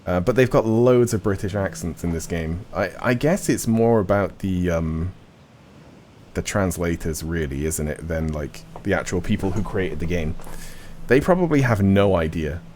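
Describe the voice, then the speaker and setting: A man's voice: low voice, normal speed, a little mellow, a little hiss or hum. A man streaming a game live, chatting in a rambling way with lots of restarts and fillers. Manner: rambling, trailing off, filler-heavy.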